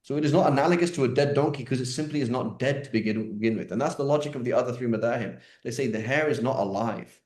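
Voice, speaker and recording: A man's voice: medium pitch, quick pace, hardly any pauses, darkish tone. A man teaching an online question-and-answer class in a chatty, joking way, with many fillers and restarts. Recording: roomy echo.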